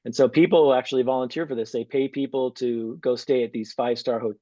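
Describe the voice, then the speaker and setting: Mellow male lecturer, dry muffled sound. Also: medium pitch, fast talker, dry recording. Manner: relaxed, with frequent fillers. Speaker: physician assistant lecturer. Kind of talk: live lecture.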